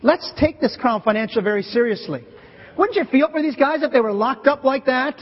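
High-pitched, husky man preaching in a hall. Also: lively intonation, brisk. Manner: playful, joking with volunteers on stage. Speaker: pastor. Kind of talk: sermon. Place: church sanctuary. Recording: lo-fi with long hall reverb.

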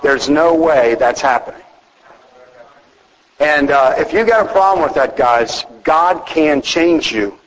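A middle-aged pastor preaching a conversational sermon on marriage, telling personal stories to the congregation. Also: male voice, medium pitch, big-room sound, poor audio.

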